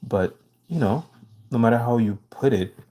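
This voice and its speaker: A man's voice: mid-range voice, expressive, moderate pace, mellow, slight background noise, low-quality recording. A man with an accent hosting a live stream, reading viewer comments aloud and answering them in an earnest way, often repeating himself to make a point. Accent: non-native English accent. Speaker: livestream host.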